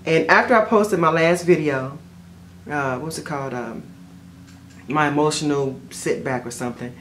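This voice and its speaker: A woman vlogger telling a personal story in a chatty, rambling way, full of fillers and self-corrections, jumping up in pitch whenever she quotes herself. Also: moderate pace, slight background noise. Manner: jumps high in pitch when quoting herself. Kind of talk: casual storytelling to camera.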